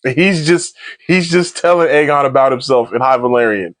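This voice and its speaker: A man's voice: medium pitch, moderate pace, dry recording. A man runs through a TV episode recap in loose, slangy talk, full of energy. His voice sits in a mid range. The recording is dry and close, with no room sound. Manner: slangy, animated, laughs often. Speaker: TV episode reviewer. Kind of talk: casual spoiler recap.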